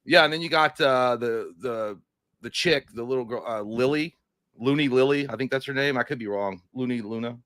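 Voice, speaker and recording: A man's voice: mid-range voice, moderate pace, fairly bright tone, no echo. A man co-hosting a casual live recap chat, crude and joking, who slips into mocking voices. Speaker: podcast co-host.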